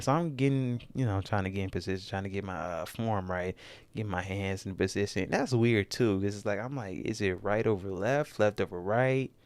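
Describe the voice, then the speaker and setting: Young guy rambling through a story on his podcast, smooth clear voice, dry close mic. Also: fairly low pitch, dry recording. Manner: rambling, self-correcting, animated when retelling. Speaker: podcast host. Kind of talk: casual storytelling monologue. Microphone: close studio mic in a dry room.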